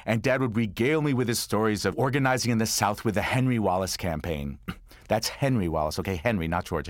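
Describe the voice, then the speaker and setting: A man performing a comic autobiographical monologue, telling stories with lively energy and deadpan asides. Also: mid-range voice, dry recording, studio quality. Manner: animated storytelling with deadpan asides. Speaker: comedic monologuist.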